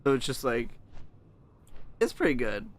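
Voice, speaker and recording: A man's voice: medium pitch, sing-song, unhurried. A young man in casual chat on a gaming stream. He is easygoing and often trails off mid-sentence.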